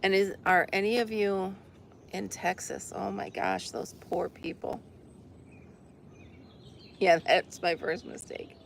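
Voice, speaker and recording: A woman's voice: medium pitch, steady tone, takes it slowly, vocal fry, pauses often, a little hiss or hum. A woman chatting casually with her viewers outdoors on a deck, rambling and laughing often. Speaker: livestream host.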